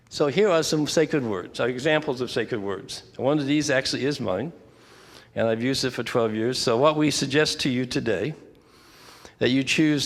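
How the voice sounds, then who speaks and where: An older man leading a church prayer workshop, talking in a relaxed, conversational way with frequent asides and restarts. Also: medium pitch, long reverb tail. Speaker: workshop leader. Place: church fellowship hall.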